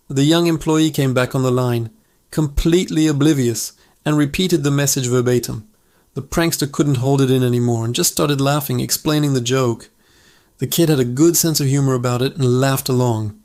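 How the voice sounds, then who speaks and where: A man's voice: medium pitch, moderate pace, a little mellow. A man hosting his channel, telling funny stories in an upbeat, conversational narration. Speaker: channel host. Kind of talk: scripted storytelling narration.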